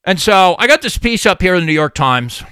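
Brief: male political podcast host, sarcastic rant, bright and crisp, dry close mic. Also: sits high, brisk, dry recording. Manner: sarcastic, animated ranting. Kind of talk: political commentary monologue.

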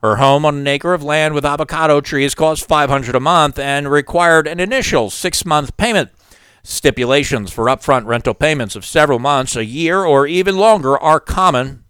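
A man's voice: a little high, normal speed, fairly bright tone, clear, resonant tone, dry recording, studio quality. A man hosting a political commentary show, reading news aloud with sarcastic asides. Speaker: host.

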